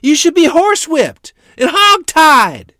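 A distraught mother shrieking in fury, her voice leaping high and loud, as a male narrator puts her on. She rants in a slow, shrill outburst, recorded close and dry. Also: wildly swooping pitch, dry recording, full character voice. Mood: furious. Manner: shrill and screaming.

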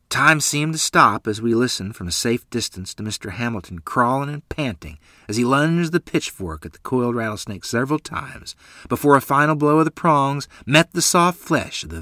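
A man narrating a first-person story in an expressive, storytelling style. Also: medium pitch, moderate pace, dry recording, clean studio sound.

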